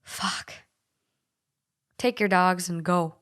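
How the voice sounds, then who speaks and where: A woman's voice: lowish voice, extremely slow, fairly bright tone. A young woman with a light Minnesotan accent hosting a podcast, chatting casually, swearing freely and reading listener stories aloud. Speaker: podcast host.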